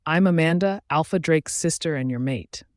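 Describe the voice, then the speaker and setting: An eager young woman in a storybook, lively and a little raised in pitch, as a male narrator puts her on. Close, dry sound with no room around it. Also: moderate pace, dry recording, natural voice. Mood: smug.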